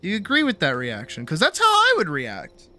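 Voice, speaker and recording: High, bright-voiced rambling streamer. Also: male voice, huge pitch swings, a little fast, faint music behind. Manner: rambling storytelling, frequent swearing and "like". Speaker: game streamer. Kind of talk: casual live-stream chat.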